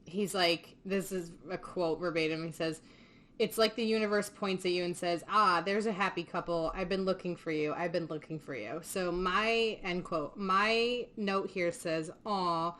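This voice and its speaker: A woman's voice: on the low side, steady tone, a little slow, a bit bright. A young woman hosting a casual podcast, recapping a film in a chatty way, laughing often and swearing casually. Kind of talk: casual chat.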